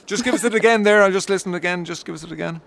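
A man hosts a radio interview in a jovial, teasing way. He often says his phrases twice. His voice sits rather high for a man. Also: racing, creaky, a bit bright. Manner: jovial and teasing, repeats himself. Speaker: radio host.

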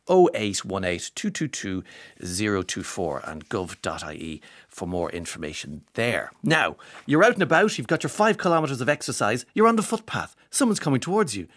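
Man, Irish accent, middle-aged, radio presenter, wry jokey asides, lively pitch, dry studio sound. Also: dry recording. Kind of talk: casual radio chat.

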